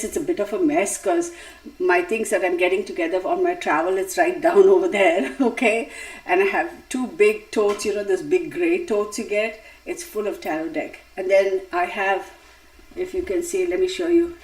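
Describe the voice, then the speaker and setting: A woman's voice: medium pitch, poor audio. A woman hosting a tarot live stream, talking casually and straight to her viewers, chatty and wandering off topic with frequent laughs. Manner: chatty, digressive, laughs often, talks to viewers directly.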